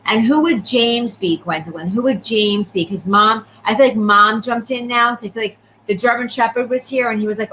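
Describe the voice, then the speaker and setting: A woman giving a live psychic reading, talking quickly and checking in often with the person she reads for. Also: a little high, a bit bright, slight background noise, low-quality recording. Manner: rapid, repeatedly checking in with the sitter. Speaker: psychic medium.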